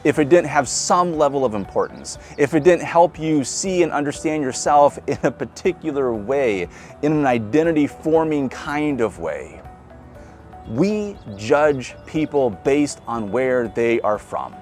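A man's voice: mid-range voice, measured pace, faint music behind. A male pastor with a Midwestern American accent, preaching a sermon and acting out quoted voices. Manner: lively, acts out quoted voices.

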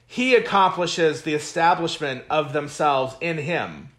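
Slow, emphatic preaching man. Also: a little high, expressive, a bit bright. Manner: emphatic, repetitive preaching cadence; reads scripture aloud with comments. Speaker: pastor. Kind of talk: Bible study teaching.

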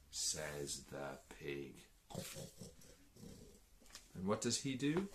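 A man reading a picture book aloud to children in an animated, playful way, asking the listeners questions and repeating words in a sing-song. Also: rumbling low, drawn-out words, pauses often, a little hiss or hum. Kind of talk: read-aloud storytime.

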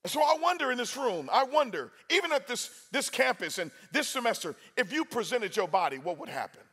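A man preaching a sermon in a university chapel, energetic and talking with the crowd, with sudden loud bursts. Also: extremely high pitch, a little fast, husky.

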